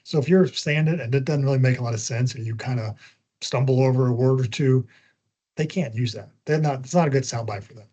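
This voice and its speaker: A man giving spokesperson training on a video call, talking quickly once he gets going, with frequent ums and uhs. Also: mid-range voice, mellow. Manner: talks fast when he gets going. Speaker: media trainer. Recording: dull lo-fi call audio.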